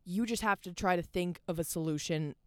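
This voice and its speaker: A woman's voice: on the low side, a little fast, a little mellow, clear, resonant tone, no room sound, studio quality. A young woman hosting a podcast, talking candidly in a casual, rambling monologue full of "like" and restarts, at home. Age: young adult. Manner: candid and rambling, heavy use of "like". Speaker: podcast host.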